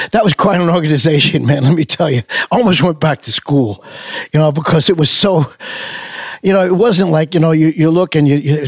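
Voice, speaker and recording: A man's voice: fairly high pitch, slightly rough, no room sound, studio quality. An older man, a musician being interviewed, telling stories in a loose, rambling way with many fillers and restarts. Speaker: musician guest. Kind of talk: casual storytelling interview.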